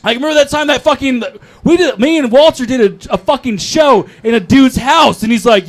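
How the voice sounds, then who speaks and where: Holding a stage mic at a comedy club's open mic, a young male comedian rambles through a crude, mocking set aimed at the crowd. He speaks briskly in a voice that's high for a man.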